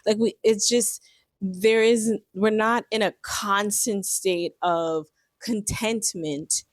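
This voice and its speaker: A woman's voice: mid-range voice, steady tone, slow, dry recording. Earnest woman coach, dry close sound. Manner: reflective, earnest, with frequent fillers. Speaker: marriage coach. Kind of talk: personal storytelling to camera.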